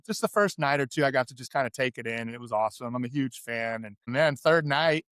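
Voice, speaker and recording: A middle-aged man from California, a podcast guest and former pro athlete, telling candid stories in an animated, chatty way. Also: medium pitch, quick pace, clear, resonant tone, no echo, clean studio sound. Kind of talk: interview storytelling.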